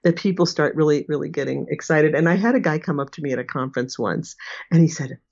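A woman's voice: sits low, quick pace, vocal fry, a little mellow. Chatty woman in her sixties, lo-fi. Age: 60s. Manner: chatty, laughs often, acts out quotes. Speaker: guest, remote viewing teacher. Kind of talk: casual interview chat. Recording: dull lo-fi audio.

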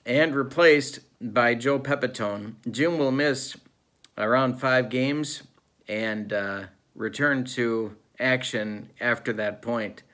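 A man's voice: medium pitch, slow pace. Man doing mock-serious sportscaster narration. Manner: relaxed, with frequent fillers. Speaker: host of a tabletop baseball replay channel. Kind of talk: play-by-play style narration of a tabletop game replay.

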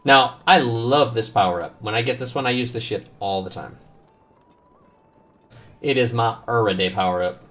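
A man's voice: mid-range voice, normal speed, pauses often, soft background music. A man streaming a video game live, chatting casually with viewers, joking and swearing often. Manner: animated, swears often, jokes with chat.

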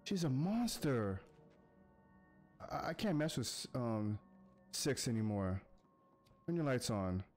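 A man from the United States giving excitable gameplay commentary, talking to the characters on screen and chanting quick urges to keep going. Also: mid-range voice, faint music behind. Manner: excitable, talks to the game characters, chants urgent repeats. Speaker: gaming YouTuber.

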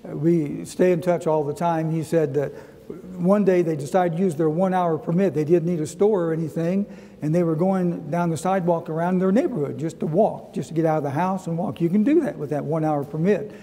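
In a church sanctuary, a middle-aged man with a Southern US accent leads a Sunday school lesson in a slightly high yet mellow voice with fairly even intonation. He speaks earnestly, repeats key phrases, and slows down when reading scripture, while a long hall reverb trails each phrase.

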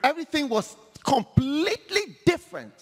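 A male preacher giving an animated, humorous sermon, acting out scripture in a large hall. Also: very high-pitched, moderate pace. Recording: long hall reverb.

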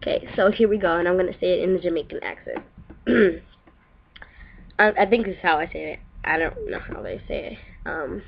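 A woman's voice: lowish voice, fairly quick, creaky, slightly rough, muffled recording. A young woman from the United States, chatting offhand and rambling to camera as a vlogger. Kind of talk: casual chat to camera.

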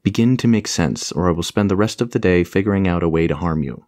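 A man's voice: low-pitched, fast talker, darkish tone, natural voice. A man voicing a proud, powerful warrior queen and sorceress in an audiobook, cold and commanding. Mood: menacing. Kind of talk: audiobook character voice.

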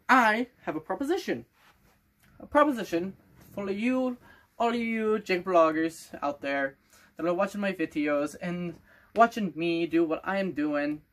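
A man's voice: high-pitched, a bit bright. A sixteen-year-old boy vlogging casually to camera, rambling and playful in a loose made-up accent. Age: teens. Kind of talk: casual vlog talk to camera.

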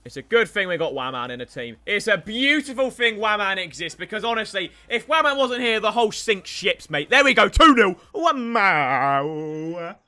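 A young man giving excited gameplay commentary, breaking into sudden shouts and repeating catchphrases. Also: sits high, brisk, hardly any pauses. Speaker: gaming YouTuber.

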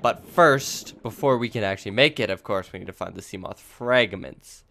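A man giving let's play commentary, excitable and quick to yelp, talking straight to his viewers. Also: fairly low pitch, creaky. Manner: excitable, yelps and jumpy outbursts, addresses viewers. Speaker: gaming video creator.

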